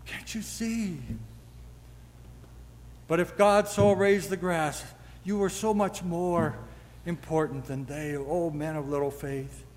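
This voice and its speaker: An older man delivers a sermon in a high, light voice. He preaches in a folksy way and leans on rhetorical questions. His voice rings out with the long reverb of a church hall. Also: fairly even intonation, measured pace, darkish tone. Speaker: pastor.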